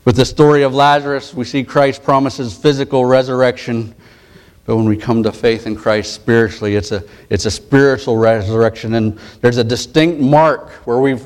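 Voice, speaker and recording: A man preaching a sermon, retelling a story in a relaxed, conversational way with frequent restarts. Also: medium pitch. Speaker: pastor.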